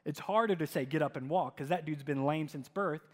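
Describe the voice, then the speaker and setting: A man preaching a sermon as pastor, telling stories with dramatic swings in loudness. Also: on the high side, fairly quick. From United States. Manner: animated storytelling, dramatic shifts in loudness. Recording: long hall reverb.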